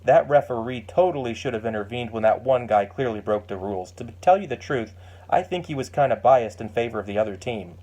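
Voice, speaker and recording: A man's voice: medium pitch, lively intonation, a little fast, warm tone, close to an everyday voice, poor audio. A man voicing an opinionated young husband chatting casually in a story.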